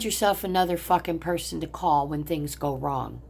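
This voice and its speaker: A woman's voice: low-pitched, moderate pace, creaky, hardly any pauses, darkish tone, breathy edge. An older woman from the United States, venting angrily and profanely to her phone camera at home about her family. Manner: profane, bitter, ranting. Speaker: vlogger. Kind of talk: angry personal vent to camera. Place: at home, looking out on a pond.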